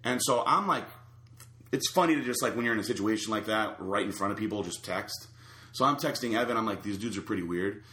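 A man's voice: lowish voice, a little fast, reverberant. A man telling a long rambling story in casual chat, full of fillers and restarts. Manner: rambling, animated anecdote with many fillers.

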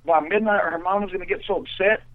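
A man putting on a high pleading girl. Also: fairly even intonation, fast, lightly acted. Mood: anxious. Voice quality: high-pitched girlish. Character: young woman, small, pleading and anxious. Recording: tinny phone-like sound.

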